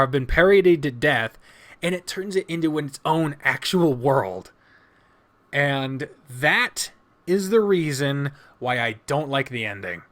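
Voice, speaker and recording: A man's voice: on the high side, a bit bright. A man co-hosting a casual podcast, talking in an emphatic, profane ranting way. He sounds tired. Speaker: podcast co-host.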